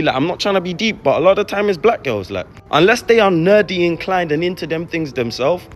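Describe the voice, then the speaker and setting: A bubbly man, ranting casually in slangy street talk. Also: a little high. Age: 30s. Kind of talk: casual vlog rant.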